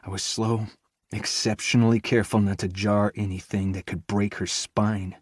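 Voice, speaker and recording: A male audiobook narrator with a fairly low voice, reading in the first person with tense intensity. The sound is close and dry, with no room echo. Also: little pitch movement, moderate pace.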